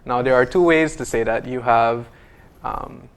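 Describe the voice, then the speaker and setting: A man's voice: medium pitch, unhurried, vocal fry, clear, resonant tone. A man who studies Mandarin, carefully explaining a simple phrase to talk show hosts. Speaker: Mandarin student. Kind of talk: casual talk show chat.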